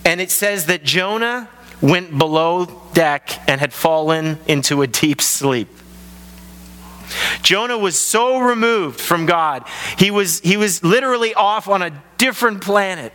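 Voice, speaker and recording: Bright-voiced pastor in a reverberant hall. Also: male voice, sits high, unhurried. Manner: animated storytelling, acts out voices. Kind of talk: sermon. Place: large church hall.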